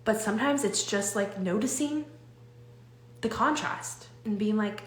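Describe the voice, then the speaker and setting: Young woman, live-stream coach, loose and animated delivery full of restarts, roomy echoey sound. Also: medium pitch, a little slow. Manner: animated, rambling, with frequent restarts and fillers.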